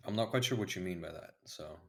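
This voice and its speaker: A man's voice: deep voice, quick pace, creaky. A man commentating a game tournament casually, reading out times and explaining the moves over a noisy voice chat recording.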